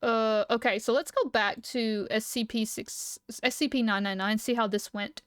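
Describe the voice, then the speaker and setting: A young woman streaming live, reading lore aloud and chatting with viewers, excitable and quick to laugh. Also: a little high, clear, resonant tone, dry recording, clean studio sound. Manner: excitable, giggly, reacting loudly.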